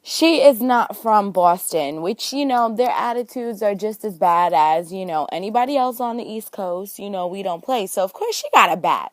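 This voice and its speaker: Animated and mid-range, this young woman's voice moves at a moderate pace with few pauses on a dry recording. Her casual TV recap vlog is packed with slang and playful drama, and she voices the characters as she retells scenes.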